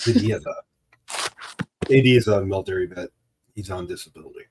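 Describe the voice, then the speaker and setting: A lower-voiced man chats in an easygoing, joking way on a late-night stream. Light background noise and faint clicks sit behind his voice. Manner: laid-back, joking, chats to viewers.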